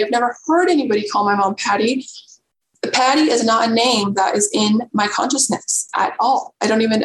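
A woman guest telling a personal story in an earnest, halting way, often restarting her sentences. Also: mid-range voice. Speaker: podcast guest. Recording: roomy echo, faint noise.

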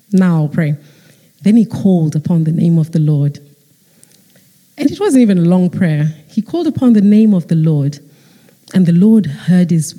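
A woman preaching a sermon, retelling a story in lively fashion and acting out the characters. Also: fairly low pitch. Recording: long hall reverb.

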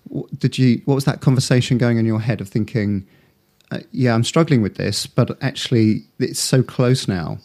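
A man of medium pitch hosts a podcast interview. He asks long, rambling questions full of fillers and adds a light joke now and then. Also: moderate pace, darkish tone. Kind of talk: conversational interview.

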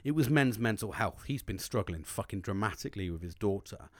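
A man's voice: on the low side, animated, a little fast, no room sound. Sweary rambling man in his forties. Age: 40s. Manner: sweary, rambling, emotional openness. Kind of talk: candid casual monologue.

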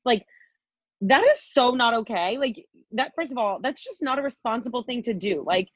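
A woman's voice: a little high, lively intonation, moderate pace, dry recording. A woman co-hosting a podcast, ranting heatedly with constant swearing and filler likes. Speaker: podcast co-host. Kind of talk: angry political rant.

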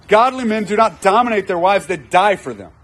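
A man's voice: high-pitched, animated, fairly quick, a bit bright. A man preaching a conversational sermon, acting out quoted voices and repeating lines for emphasis. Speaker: pastor.

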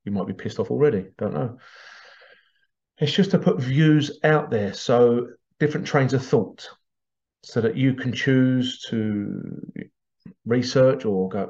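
A man's voice: medium pitch, a little slow, a little mellow, dull audio. A man hosting a podcast, talking in a loose, rambling monologue with frequent restarts and laughs. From Britain. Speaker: podcast host. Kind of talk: casual monologue.

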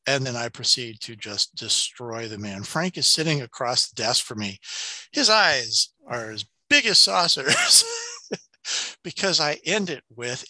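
A man talking in a bright, forceful voice that sits close and dry on the mic. He co-hosts a casual podcast and tells animated stories, working himself into rants with some profanity. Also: mid-range voice, unhurried, no room sound. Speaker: podcast co-host. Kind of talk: casual chat.

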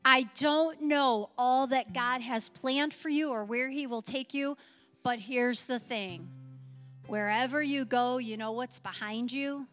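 A woman's voice: high voice, takes it slowly, a bit bright, big-room sound, faint music behind. Impassioned woman pastor preaching. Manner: impassioned, emphatic repetition. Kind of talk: sermon. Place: church sanctuary.

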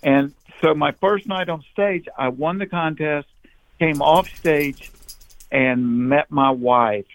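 A man's voice: fairly high pitch, takes it slowly. A man in his fifties with a thick Southern Georgia accent, telling stories easily as a guest in a casual interview and laughing often. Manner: easygoing storyteller, laughs often, repeats words when starting. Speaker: comedian guest. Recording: tinny phone line.

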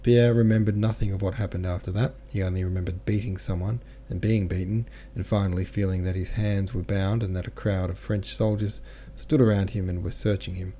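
A man narrating a classic novel as an audiobook reader, in a measured, steady manner. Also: deep voice, a little hiss or hum.

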